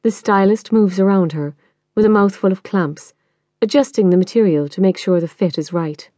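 A woman reading a novel in the first person, measured and intimate. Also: mid-range voice, warm tone, no echo, studio quality. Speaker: audiobook narrator.

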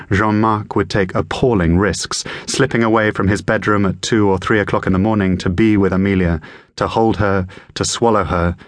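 A man reading a thriller audiobook aloud in a measured, even storytelling manner. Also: sits low, dry recording. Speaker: audiobook narrator. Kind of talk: scripted narration.

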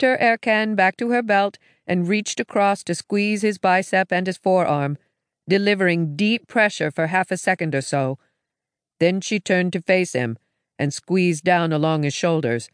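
A woman narrating a science fiction audiobook in a measured, even storytelling manner. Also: fairly low pitch, clear, resonant tone, no room sound, studio quality.

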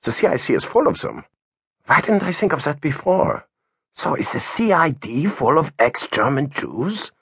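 A male narrator voices a blunt, prickly army investigator with a Pennsylvania Dutch accent. He talks in short, pointed questions in a husky voice, recorded dry and close. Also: fairly high pitch, big pitch swings, normal speed, a bit bright, dry recording, pitched above the performer's own voice, full character voice. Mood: puzzled. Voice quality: curt, questioning.

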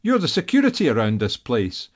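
A man's voice: medium pitch, wildly swooping pitch, a little fast. A man voicing a sleek, vain male black tomcat who talks in a pompous, peevish way, read in a storybook. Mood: haughty, peevish.

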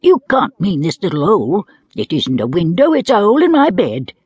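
A woman's voice: lowish voice, huge pitch swings, brisk, a little mellow, slightly rough, dry recording, pitched above the performer's own voice, heavily acted. A woman reading a children's storybook aloud and voicing a small, literal-minded little boy who argues earnestly and innocently.

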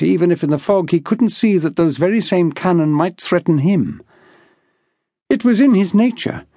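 Guy reading an audiobook, kinda higher voice, steady measured pace, dry close sound. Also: breathy edge, dry recording. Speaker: audiobook narrator. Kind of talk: scripted audiobook narration.

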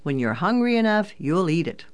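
An audiobook narrator voicing a kind, teasing father who sounds calm and fatherly. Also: mid-range voice, normal speed, lightly acted. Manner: calm, fatherly, gently joking. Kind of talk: audiobook character voice.

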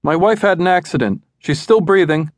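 A man's voice: on the high side, moderate pace, dry recording, studio quality, voice pushed up, natural voice. A man voicing a frantic, breathless caller. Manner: panicked, breathless, pleading. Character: frantic middle-aged man calling for help.

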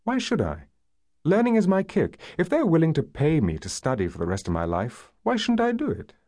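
A man voicing a bright, earnest twenty-five-year-old woman who loves studying, speaking in a raised, lively voice. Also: on the low side, moderate pace. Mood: eager. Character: bright young woman of 25, eager student.

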